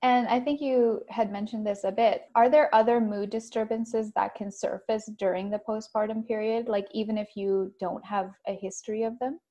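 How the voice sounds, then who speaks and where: A woman's voice: mid-range voice, fairly even intonation, moderate pace, few pauses, warm tone. Woman hosting a heartfelt interview. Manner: open, personal storytelling with fillers. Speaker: podcast host. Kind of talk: conversational interview.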